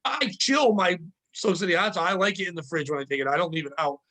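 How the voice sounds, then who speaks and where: High, bright-voiced profane podcast host. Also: male voice, quick pace. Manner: profane, animated, ranting. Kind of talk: casual comedic podcast chat, ad read.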